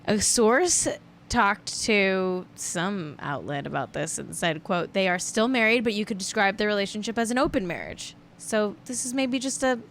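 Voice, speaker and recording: A woman's voice: medium pitch, lively intonation, moderate pace, a bit bright, a little hiss or hum. A woman hosting a celebrity gossip livestream, chatting casually and rambling, correcting herself as she goes. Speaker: celebrity gossip show host.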